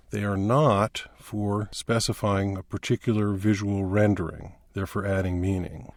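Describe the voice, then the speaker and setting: A man's voice: lowish voice, fairly even intonation, unhurried, hardly any pauses, no echo. A man instructor explaining a coding screencast step by step, in a plain teaching manner.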